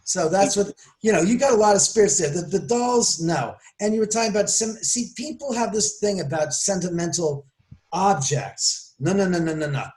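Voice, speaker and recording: Casting: man with a somewhat high voice, forceful and argumentative, podcast guest. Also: animated, normal speed, rough recording. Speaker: paranormal guest. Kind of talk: emphatic podcast talk.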